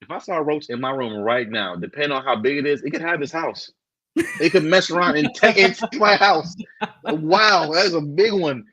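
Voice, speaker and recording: A comedian from Texas, chatting as a guest in a playful, exaggerated way. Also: male voice, a little high, moderate pace, sharp tone, slightly rough, no room sound, poor audio. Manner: playful, exaggerated, repeats words. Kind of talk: casual chat.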